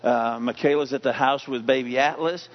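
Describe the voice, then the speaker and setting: A pastor in his forties, giving a conversational, animated sermon that keeps asking the congregation questions. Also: mid-range voice, moderate pace. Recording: dull lo-fi recording.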